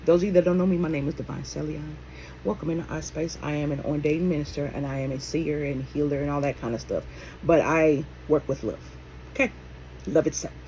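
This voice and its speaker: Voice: medium pitch, a little fast, darkish tone, a little hiss or hum, poor audio. A spiritual minister and healer giving a casual talk to camera, emphatic and blunt, swearing freely and firing off rhetorical questions while calling the listeners baby and my love. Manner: calls the audience endearments like baby and my love.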